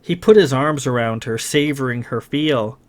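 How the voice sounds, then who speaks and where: A man reading his science fiction novel aloud in a dramatic, expressive narration. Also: mid-range voice, moderate pace. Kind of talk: scripted audiobook narration.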